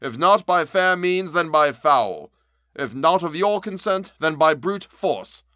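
A man reading a storybook voices a stern middle-aged male lawyer who makes loud, forceful demands. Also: lowish voice, moderate pace, no echo, clean studio sound, close to an everyday voice. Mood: commanding.

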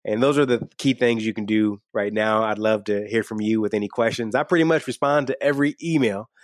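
A man's voice: fairly low pitch, a little fast, dry recording, clean studio sound. A man with a slight twang, candidly answering interview questions on a podcast in an earnest, upbeat way. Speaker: podcast guest and host. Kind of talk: conversational interview.

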